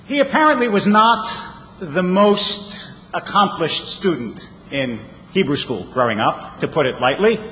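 A man's voice: sits high, lively intonation, measured pace, bright, forceful tone, slight background noise. Man preaching in a reverberant hall. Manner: storytelling with wry humor. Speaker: rabbi. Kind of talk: sermon. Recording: reverberant hall, faint ambience.

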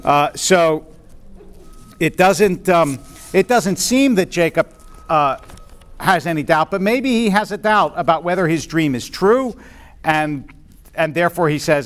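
A man teaching a Bible study class to a group in a room. He lectures informally, often checking in with "right?" and pausing on "um". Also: a little high, animated. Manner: conversational, checks in with "right?", frequent "um".

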